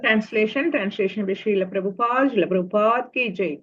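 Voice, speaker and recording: A woman reading a scripture translation aloud in an online class, quick and plain. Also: mid-range voice, fairly bright tone, slightly rough. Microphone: video call. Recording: dull video call audio.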